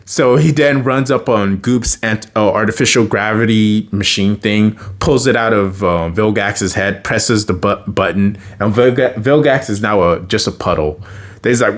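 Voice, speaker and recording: A man's voice: on the low side, moderate pace. A man giving a casual episode review, joking, laughing often and acting out quotes, with many fillers and self-corrections.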